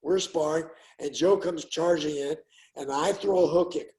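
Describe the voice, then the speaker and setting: An older man with a fairly high voice tells his fight stories in a relaxed, chatty way. He acts out the voices of the people in them with plenty of energy. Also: moderate pace, low-quality recording. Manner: animated storyteller, acts out quotes loudly. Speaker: guest, former fighter. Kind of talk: casual storytelling interview.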